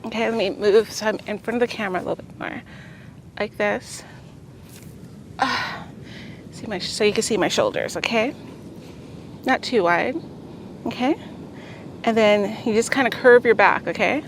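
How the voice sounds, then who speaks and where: A woman's voice: medium pitch, normal speed, pauses often, slight background noise. A woman vlogger leading a casual beginner yoga routine outdoors on a beach, chatty and encouraging and often checking in with "okay?". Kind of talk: casual instructional vlog.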